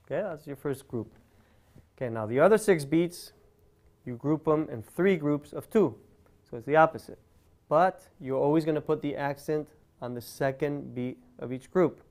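A man's voice: on the high side, moderate pace, darkish tone. A man giving a guitar lesson, explaining step by step and counting beats aloud over his own guitar playing. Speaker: guitar teacher.

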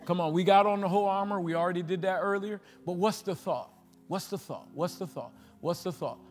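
Pastor guy preaching, high voice, loud then hushed, asks the crowd stuff, big echoey church. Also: brisk, faint music behind. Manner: preacherly call-and-response, swinging between loud exhortation and hushed asides. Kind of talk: sermon. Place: church sanctuary with a congregation. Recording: livestream with long hall reverb.

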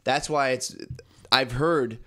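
A man's voice: mid-range voice, steady tone, takes it slowly, fairly bright tone. A young man co-hosting a casual podcast, telling a long story with lots of swearing and playing out both sides of phone calls. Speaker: podcast co-host. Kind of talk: casual chat.

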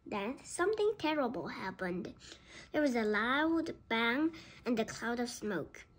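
A woman reading a children's book aloud, slowly and carefully. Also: on the high side, big pitch swings. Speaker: storybook reader.

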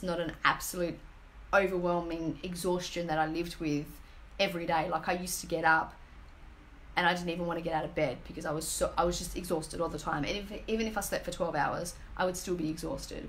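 A woman in her thirties talks straight to her phone camera at home, earnest and gushing, pausing on fillers as she searches for words. Her voice sits fairly low for a woman. A faint hum of the room stays under her. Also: steady tone. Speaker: energy healing business team member. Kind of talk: emotional personal testimonial vlog. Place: home, indoors.

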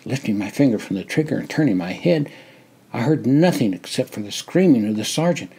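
An older man narrating his own memoir in a measured, plain storytelling voice. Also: mid-range voice, expressive, dark tone, husky. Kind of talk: reading a personal memoir.

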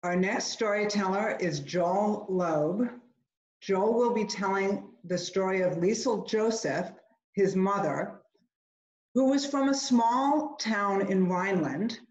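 A woman hosting an event, introducing the next storyteller in a plain, clear way. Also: medium pitch, slow pace, a little mellow. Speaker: event host. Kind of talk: introducing speakers. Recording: roomy, dull-sounding hall audio.

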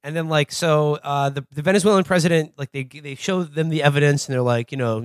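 A man's voice: fairly high pitch, steady tone, fairly quick, few pauses, dry recording, studio quality. Rambling man recapping a show. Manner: rambling, lots of "like" and "you know", laughs often. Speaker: podcast host.

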